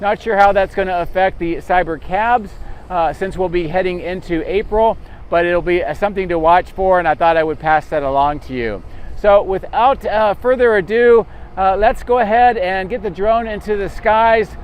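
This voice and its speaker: A man with a fairly high voice narrates a drone vlog in a relaxed, casual tone. He pauses often with "uh" fillers. Faint outdoor and vehicle noise sits behind him. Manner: easygoing, many "uh" fillers. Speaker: drone vlogger.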